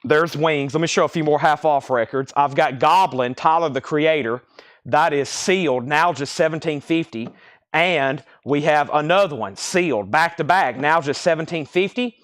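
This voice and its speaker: A man hosting a live record sale stream, briskly calling out titles and prices, slightly out of breath. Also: fairly high pitch, fairly bright tone, dry recording. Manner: brisk auctioneer-style patter, calling out prices.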